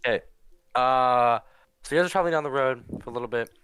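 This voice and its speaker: A man narrating a tabletop role-playing game as game master, in a halting, casual way. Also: mid-range voice, fairly bright tone, clean tone, dry recording.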